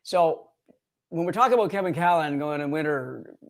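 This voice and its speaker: A man from Canada co-hosting a fishing show livestream in casual chat, animated and quick to laugh as he reads out winners. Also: on the high side.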